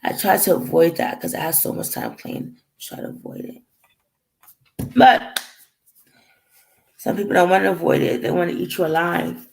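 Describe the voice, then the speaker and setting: A woman's voice: fairly low pitch, moderate pace, creaky, poor audio. A woman telling a painful family story to the camera in a rambling way, acting out the dialogue and fighting back tears. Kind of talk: emotional personal storytelling.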